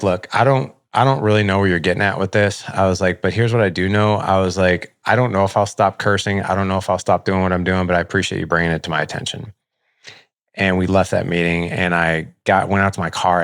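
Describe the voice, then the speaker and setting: A middle-aged man hosting a podcast tells a candid personal story at a brisk pace, his low voice steady in tone and a bit bright. He talks conversationally, uses "like" heavily, and acts out dialogue. The audio is dry and studio quality.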